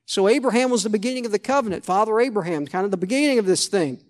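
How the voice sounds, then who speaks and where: Pastor guy preaching, high voice, chatty, keeps restarting lines. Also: lively intonation, racing. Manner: conversational preaching, repeats and restarts phrases, asks "Amen?". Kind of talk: sermon.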